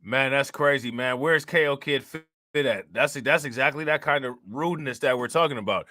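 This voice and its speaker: Man, commentary host, bright forceful voice, indignant, dry close sound. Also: mid-range voice, normal speed, dry recording. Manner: animated, indignant, talks straight to viewers. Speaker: host reacting to news clips. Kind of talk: casual commentary.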